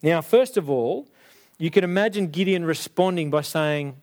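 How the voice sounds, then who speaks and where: A young adult man preaches a sermon with animation, acting out the voices of biblical figures. His voice is on the high side and his pace moderate.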